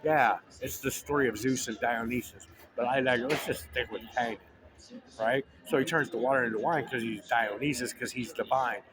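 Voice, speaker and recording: A man's voice: medium pitch, moderate pace, a crowd in the background. A man in a rambling, joking casual monologue, full of restarts and asides to the listener.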